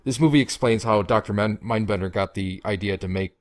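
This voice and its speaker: A man's voice: on the low side, brisk, dry recording, clean studio sound. A man from Canada, a guest on a movie commentary podcast, rambling with many fillers and restarts.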